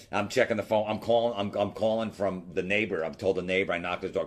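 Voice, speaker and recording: A man telling a self-mocking story in casual chat, rapid and full of swearing. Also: low-pitched, level tone.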